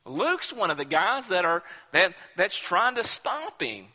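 A man's voice: high-pitched, very animated, a little slow, bright, forceful tone. A male pastor preaching a sermon with emphasis, often repeating words as he builds a point. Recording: echoey hall.

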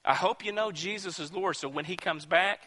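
A man preaching a dramatic sermon, dropping to hushed tones and then rising into loud, emphatic bursts, in a large church. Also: high-pitched, a little fast, husky. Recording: long hall reverb.

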